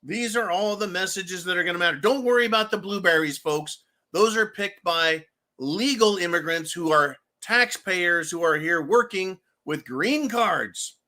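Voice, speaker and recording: A man hosting a livestream commentary show, talking in a loud, ranting way and laughing often. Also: sits high, moderate pace. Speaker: show host.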